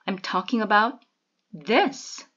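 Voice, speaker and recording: A woman's voice: mid-range voice, takes it slowly, a bit bright, dull audio. A woman voicing a strict older female schoolteacher with a stern, clipped manner, read from a storybook. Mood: pointed.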